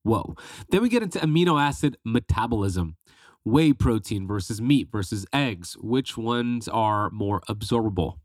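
A man's voice: on the low side, lively intonation, normal speed, dry recording. A man hosting a podcast, introducing the episode with enthusiasm while congested from a head cold. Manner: enthusiastic, upbeat. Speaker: podcast host.

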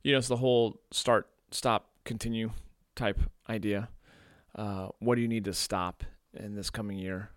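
Low-voiced man hosting a podcast. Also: normal speed, dry recording, clean studio sound. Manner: energetic scripted intro, then relaxed rambling with fillers. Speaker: podcast host and men's coach. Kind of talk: casual podcast monologue. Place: indoors by a window overlooking a beach.

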